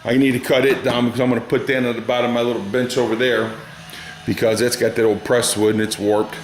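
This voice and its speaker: A man's voice: mid-range voice, little pitch movement, quick pace, roomy sound, a little hiss or hum. A middle-aged man chatting casually and rambling through a story in his home garage, folksy and drawling. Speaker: garage hobbyist vlogger. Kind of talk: casual workshop chat.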